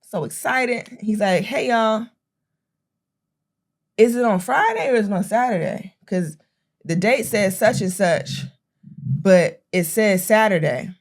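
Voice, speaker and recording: A young woman co-hosting a podcast in casual chat, telling a story with lively acted-out quotes. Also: medium pitch, takes it slowly, long pauses. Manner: animated storytelling, acting out quotes with a raised voice. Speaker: podcast co-host.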